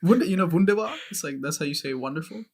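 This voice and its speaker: A man's voice: on the high side, lively intonation, quick pace, heavy background noise. A man co-hosting a podcast, playful and joking in casual chat. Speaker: podcast co-host.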